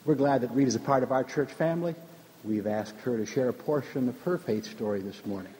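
A man's voice: mid-range voice, fairly quick, mellow. A man formally introducing a speaker during a church service. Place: church sanctuary. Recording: reverberant church hall, faint room noise.

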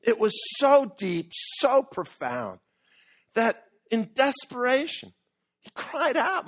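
A man preaching a sermon earnestly, with measured pauses that build to emphatic peaks. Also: very high-pitched, wildly swooping pitch.

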